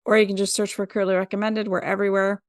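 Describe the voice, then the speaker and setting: A woman's voice: mid-range voice, level tone, fast, dry recording, studio quality. A woman co-hosting a podcast, chatting casually and laughing easily. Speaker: podcast co-host.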